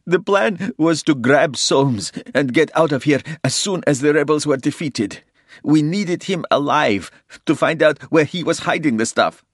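A man's voice: on the high side, expressive, moderate pace, few pauses, fairly bright tone, slightly rough, no echo, studio quality, voice pushed up. A man voicing a wounded Russian agent who pleads and sobs under interrogation. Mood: terrified pleading. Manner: sobbing, pleading, gasping in pain. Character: wounded, terrified male Russian agent captive.

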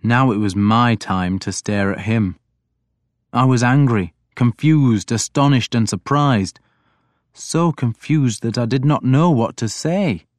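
A man's voice: mid-range voice, slow, dry recording. Man narrating an audiobook, dry close sound. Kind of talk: scripted first-person narration.

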